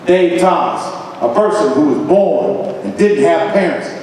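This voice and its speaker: Man from Ohio, motivational speaker, high voice, dramatic chanting delivery, booming hall reverb, far from the mic. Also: expressive, a little slow, darkish tone, a little hiss or hum. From Columbus, Ohio. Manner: emphatic, dramatic preaching cadence with chanted refrains. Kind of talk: motivational lecture. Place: large hall.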